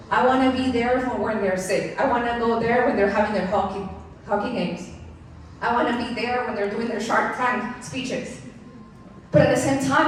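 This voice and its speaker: A woman in her thirties with a fairly high voice tells frank personal stories as a keynote speaker, often laughing and turning to the audience with asides. The large venue is captured by a distant, echoey hall mic with slight background noise.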